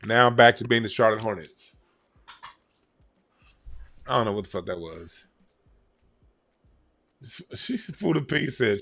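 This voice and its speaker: A man's voice: medium pitch, normal speed, long pauses, sharp tone. A man giving blunt, profane, rambling commentary on a casual vlog. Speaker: YouTube commentator.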